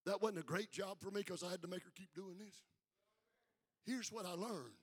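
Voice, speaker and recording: An older man preaching a fiery sermon, building from quiet talk to shouted peaks and calling out for responses. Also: high voice, normal speed, husky. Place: church sanctuary with congregation. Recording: live hall with long reverb.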